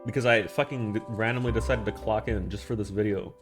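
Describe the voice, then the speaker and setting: A man's voice: lowish voice, steady tone, a little fast, music in the background. Rambling, foul-mouthed male streamer. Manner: rambling, profane, talking back to chat. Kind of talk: casual live-stream chat.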